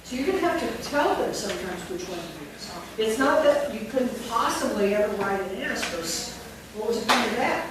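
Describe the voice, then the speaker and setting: A woman leading a phonics teacher training workshop, demonstrating classroom instruction step by step. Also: medium pitch. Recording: echoey room from far off with noise.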